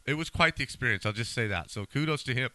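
A middle-aged man recounts stories to his co-hosts with easy emphasis. His voice is very bright and sharp. The sound is dry and close. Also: medium pitch, animated, fast talker, no room sound. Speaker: podcast co-host. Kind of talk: casual chat.

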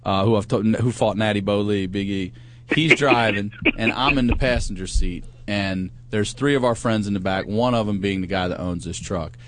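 A man's voice: lowish voice, moderate pace, a bit bright, a little hiss or hum. Rambling, profane man telling a story. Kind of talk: casual storytelling chat.

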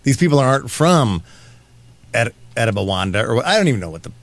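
A man hosts a radio talk show, keeping the chat casual. His voice sits at an everyday middle pitch and he slips in playful teasing as he goes. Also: big pitch swings, fairly quick, dry recording. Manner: teasing, joking.

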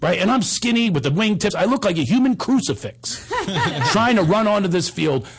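A middle-aged male host tells a comic story with lots of energy. His voice sits high and swoops around a lot, and it has a gravelly, husky grain. He keeps the story moving like a practiced storyteller. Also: moderate pace. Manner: animated, jokey storyteller who acts out the voices.

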